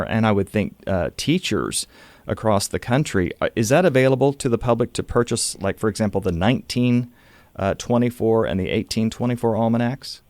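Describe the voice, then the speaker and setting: A man with a Southern American accent hosts a radio interview in a relaxed, folksy way. His voice sits a little low. The studio sound is dry and close. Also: no room sound. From Oklahoma. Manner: conversational, folksy. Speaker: radio host.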